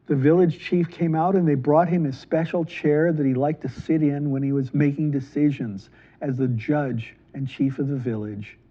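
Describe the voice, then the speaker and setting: Male children's storyteller, high-pitched, animated delivery, muffled lo-fi audio. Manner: lively, animated, switches into quick character voices. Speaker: library storyteller.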